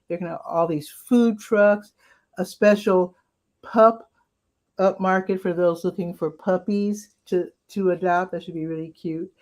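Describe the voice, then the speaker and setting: Chatty woman with a low voice. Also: steady tone, a little slow, darkish tone. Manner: chatty and upbeat, with asides and self-corrections. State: voice cracking now and then. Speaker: community events host. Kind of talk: casual weekend events rundown.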